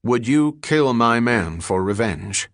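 A man's voice: medium pitch, expressive, slow pace, dry recording, studio quality. A man voicing a grim, cold-eyed detective who speaks bluntly.

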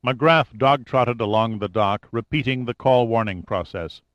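A man narrating a thriller audiobook in a measured, even manner. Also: mid-range voice, no echo. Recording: dull, dry studio recording.

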